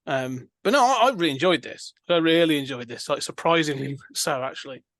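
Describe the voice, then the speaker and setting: A man with a fairly high voice talks through a film on a podcast. He rambles and circles back, full of ums and restarts. The sound is close and dry, with no room in it. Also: lively intonation, a little fast, fairly bright tone, no room sound. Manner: rambling, hesitant, many fillers and restarts. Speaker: podcast co-host. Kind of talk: casual film discussion.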